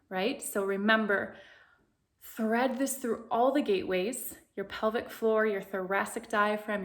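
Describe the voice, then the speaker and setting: Leading a guided vocal lesson, a woman voice coach sings vowel sounds to demonstrate and gives her instructions slowly and soothingly. She has a mid-range voice with a fairly bright tone.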